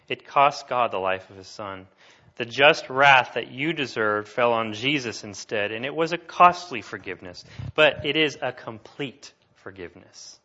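A man's voice: on the low side, pushed and bright. A man preaching a sermon as pastor, earnest and building to emphatic declarations. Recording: dull lo-fi sound.

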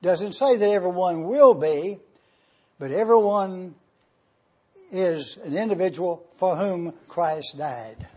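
A man preaching a sermon as pastor, emphatic, swelling loud on key phrases and dropping soft and low. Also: animated, takes it slowly, highs cut off.

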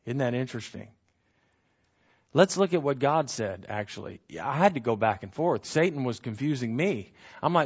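A man giving a conversational Bible teaching, animated, asking rhetorical questions and acting out the quotes he reads. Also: mid-range voice, moderate pace, husky, dull audio.

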